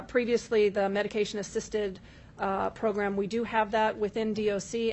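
A woman official giving formal testimony at a legislative hearing, measured and full of filler ums, addressing the chair. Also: mid-range voice, slight background noise. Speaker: state corrections official testifying.

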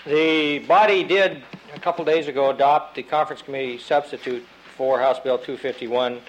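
A man, a state representative, making a halting, deliberate floor argument about procedure with many fillers and restarts. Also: mid-range voice, steady tone, slight background noise, low-quality recording. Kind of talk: floor debate. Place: legislative chamber.

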